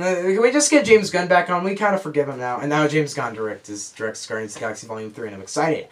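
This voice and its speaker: A man's voice: a little high, a bit bright. A young man reviewing a movie in a casual, rambling way, with many fillers, talking straight to the camera.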